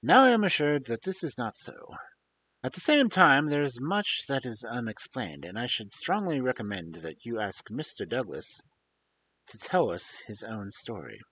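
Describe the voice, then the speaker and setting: A man playing a grave, measured detective. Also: medium pitch, very animated, pushed and bright, breathy edge, heavily acted. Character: grave, calm male detective, precise and authoritative.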